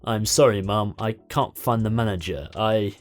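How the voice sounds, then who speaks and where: A man's voice: lowish voice, normal speed, faint music behind, natural voice. A man voicing an anxious teenage shop assistant who talks in a flustered, pleading way. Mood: nervous.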